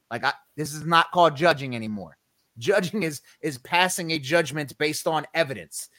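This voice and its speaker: A man with a slightly high voice teaching scripture on a casual faith podcast, emphatic and a little preachy, dropping slang as he goes. His voice sits dry and close, with no room around it. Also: normal speed, sharp tone, no room sound. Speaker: podcast co-host.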